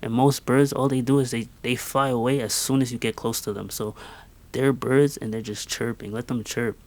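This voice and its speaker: A man's voice: mid-range voice, steady tone, moderate pace, a little mellow. A man in his twenties giving an earnest, emphatic motivational monologue with lots of repetition. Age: 20s. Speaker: podcast host.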